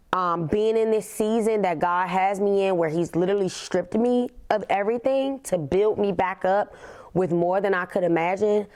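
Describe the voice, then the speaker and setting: A woman, hosting a podcast and telling a personal story in an emphatic way, often leaning on "literally" and slowing down on key words. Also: medium pitch, darkish tone. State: tearful. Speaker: podcast host.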